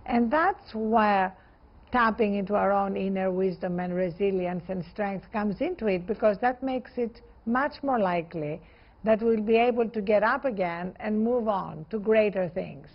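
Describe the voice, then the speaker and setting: A woman with a gravelly, fry-tinged voice answers in a conversational interview. She speaks earnestly and with emphasis, in measured phrases. The sound is slightly dull and muffled. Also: medium pitch. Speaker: interview guest.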